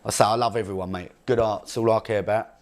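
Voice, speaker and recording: A comedy character voiced by a man with a lowish, fairly even, natural voice who talks fast. He plays a brash, crude young Essex chav, rambling boastfully in an Essex accent through an improvised monologue with a mocking mood.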